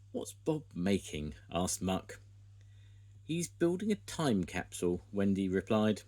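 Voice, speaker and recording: A man's voice: low voice, breathy edge. An older man, a grandfather, reading a children's storybook aloud to his grandchildren. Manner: warm lively reading to grandchildren.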